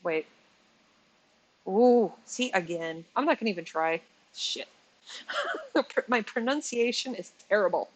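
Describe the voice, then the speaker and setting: Woman, forties, casual commentary vlog, chatty, exasperated, laughs and self-corrects, mid-pitched. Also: very animated, unhurried, long pauses, low-quality recording. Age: 40s. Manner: chatty and exasperated, stumbling over pronunciations. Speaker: commentary channel host.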